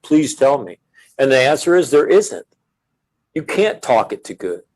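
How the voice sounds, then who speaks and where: A middle-aged military veteran talks earnestly and reflectively in a casual podcast conversation, speaking in measured phrases. His voice is medium-pitched with a darkish tone, and the recording quality is low.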